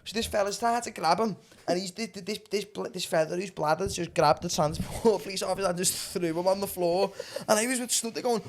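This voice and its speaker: A man's voice: high-pitched, a little fast, few pauses. A man with a Liverpool accent telling rambling, swear-filled comic stories on a podcast and calling everyone lad. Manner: rambling, swears freely, calls people lad. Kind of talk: casual comedic storytelling.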